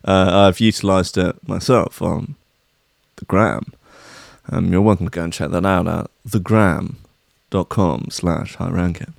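A man's voice: deep voice, steady tone, a little slow, creaky, no room sound, clean studio sound. A man hosting a podcast, giving a sweary, rambling and sardonic comic rant about the news. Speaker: podcast host.

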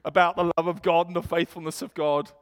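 A man's voice: a little high, brisk, clear, resonant tone. A man preaching a sermon in a church, telling stories and acting out quotes with energy. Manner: storytelling, animated quotes.

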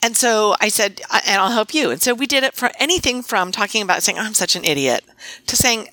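A woman's voice: on the high side, fast talker, bright, forceful tone, dry recording. A middle-aged woman, a veterinarian, telling stories in a casual podcast conversation with many restarts. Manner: chatty, storytelling with many restarts. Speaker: veterinarian and guest.

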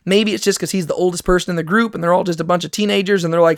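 A man's voice: high voice, steady tone, very fast, no echo, studio quality. A man teaching a Bible study in a casual, conversational way, often checking in with "right?". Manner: conversational, keeps asking "right?".

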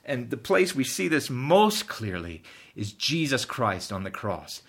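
Man, pastor, sermon, bright clear tone, earnest emphatic delivery. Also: mid-range voice, very animated, measured pace. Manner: earnest preaching, rising with emphasis at key points.

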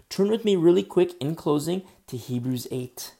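A man preaching a sermon as pastor, conversational, swinging between loud emphasis and quiet asides. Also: fairly high pitch, lively intonation, moderate pace, vocal fry, few pauses.

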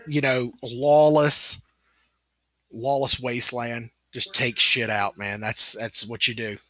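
A man's voice: mid-range voice, flat delivery, takes it slowly, fairly bright tone. A man chatting casually on a podcast, laid-back and swearing freely. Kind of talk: casual group chat.

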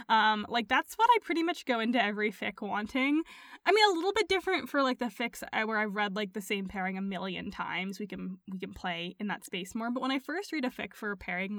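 A woman co-hosting a podcast, talking casually in an animated, playful way with frequent laughs. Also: medium pitch, no room sound, clean studio sound. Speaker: podcast co-host. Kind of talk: casual chat.

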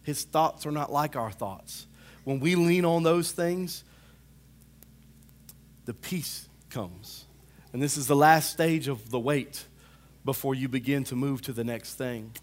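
A man preaching a sermon, animated, rising to loud calls and dropping to hushed asides, often saying "come on" to the congregation. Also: mid-range voice, slow pace, pauses often.

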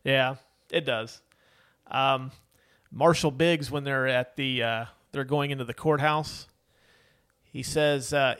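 A man's voice: medium pitch, fairly even intonation, takes it slowly, fairly bright tone, clean tone. A man co-hosting a casual movie podcast, rambling with many fillers and laughs. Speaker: podcast co-host. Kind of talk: casual movie review chat.

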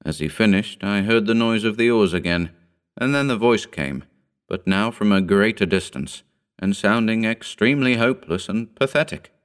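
A man reads a horror short story aloud, measured and solemn. His voice sits on the low side, and he lets each sentence unfold steadily. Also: clean tone. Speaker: reader.

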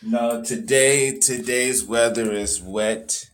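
A man's voice: mid-range voice, steady tone, slow. A man joining a casual podcast as a guest from a bathroom, telling stories in a loose, profane way.

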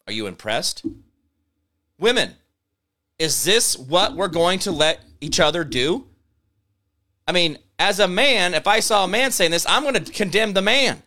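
Brief: male show host, high, bright voice, sarcastic ranting commentary.

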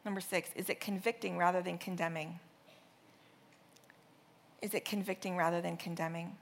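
A woman in her thirties preaching a sermon, telling a family story with lively, exaggerated re-enactments. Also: on the low side, normal speed, vocal fry.

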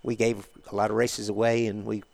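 A man's voice: on the low side, little pitch movement, fairly quick, gravelly, a little mellow. An older man, a guest on an interview show, telling rambling, colloquial stories in a casual way. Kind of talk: casual storytelling.

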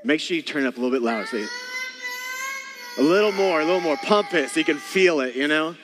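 High-voiced casual pastor in a reverberant hall. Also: male voice, lively intonation, quick pace, music in the background. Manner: casual, joking, talks to the congregation directly. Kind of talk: sermon. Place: church hall.

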